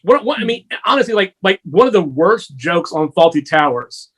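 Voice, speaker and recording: Male radio guest, talkative storyteller, a bit high-pitched, laughs a lot. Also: very animated, normal speed, fairly bright tone, breathy edge. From Georgia, USA. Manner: chatty, storytelling, laughs often. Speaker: guest musician. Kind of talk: casual chat.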